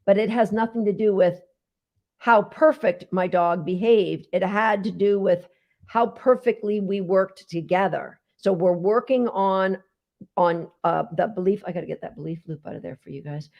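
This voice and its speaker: A woman's voice: mid-range voice, normal speed, vocal fry. A woman dog trainer hosting a casual live Q&A, chatty and emphatic, talking straight to her viewers. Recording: dull lo-fi sound.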